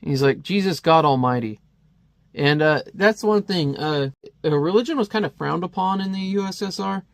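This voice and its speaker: A man's voice: high-pitched, brisk, vocal fry, dry recording, clean studio sound. A man casually talking through a comic in a rambling review, chuckling at the panels.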